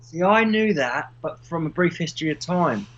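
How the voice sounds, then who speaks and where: A man's voice: on the high side, lively intonation, normal speed, fairly bright tone, muffled recording. A man, co-hosting a podcast in casual chat, rambling through stories and swearing freely. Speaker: podcast co-host.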